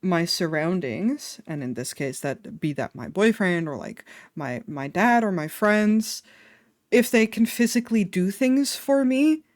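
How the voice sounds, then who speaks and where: A woman streamer chatting casually on a live stream, self-deprecating and quick to laugh. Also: medium pitch, animated, darkish tone, dry recording, clean studio sound. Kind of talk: casual livestream chat.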